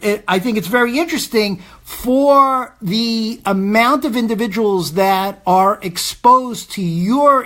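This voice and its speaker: A woman's voice: mid-range voice, a bit bright. A woman hosting an interview show, asking questions with effusive praise and emphatic repetition. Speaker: show host.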